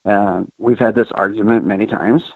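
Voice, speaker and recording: A man's voice: fairly low pitch, steady tone, normal speed, no echo, phone-quality sound. A man from the American Midwest, a paranormal investigator, chatting casually in an interview with many ums and restarts.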